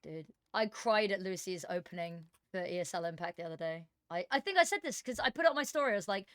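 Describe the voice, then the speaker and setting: A woman's voice: fairly low pitch, lively intonation, quick pace, hardly any pauses, fairly bright tone, dry recording, studio quality. A woman casting an esports match on a headset, chatting casually and telling self-deprecating stories. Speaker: esports caster. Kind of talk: casual co-caster chat.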